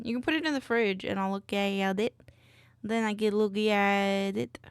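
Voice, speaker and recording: A woman's voice: mid-range voice, fairly even intonation, slow pace, clear, resonant tone, no room sound, studio quality. A woman streamer chatting casually with her viewers while she works, putting on a silly accent. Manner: chatty, reads chat aloud while working; playing up a silly put-on accent. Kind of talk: casual livestream chat.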